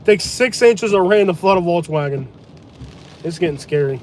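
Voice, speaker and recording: Blunt, excitable male storm vlogger with a high voice, riding in a truck with rain faintly behind him. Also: normal speed. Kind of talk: live storm commentary. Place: inside a truck during a hurricane. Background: rain and wind.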